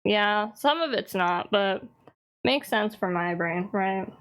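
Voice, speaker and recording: A woman's voice: mid-range voice, animated, slow, a bit bright. A woman streamer chatting casually on a live stream, teasing and answering her chat with frequent laughs.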